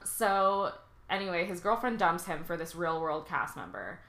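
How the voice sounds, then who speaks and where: A woman tells the story of a movie in loose, joking podcast chat, her speech full of asides and casual swearing. Her voice is a little low but bright and forward. The room adds a clear echo around her. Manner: animated, profane storytelling with quick asides. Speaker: podcast guest.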